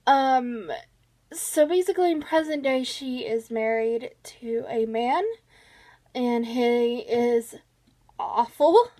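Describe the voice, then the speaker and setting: A woman with a high voice talks through a book review at an easy, unhurried pace. She is chatty and informal, with lots of "um"s and restarts. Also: mellow. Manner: chatty, many fillers and restarts. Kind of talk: casual book review vlog.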